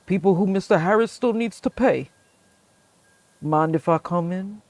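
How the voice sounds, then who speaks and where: A woman reading game lines as a persistent male private investigator, polite and measured. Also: on the low side, darkish tone, no room sound, lightly acted. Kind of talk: reading game dialogue aloud.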